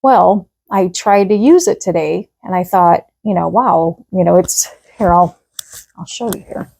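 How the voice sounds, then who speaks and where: A woman's voice: fairly low pitch, a little slow, vocal fry, a little mellow. A woman chatting casually as she demonstrates a home recipe in her kitchen, rambling and upbeat with lots of fillers. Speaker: home cooking vlogger.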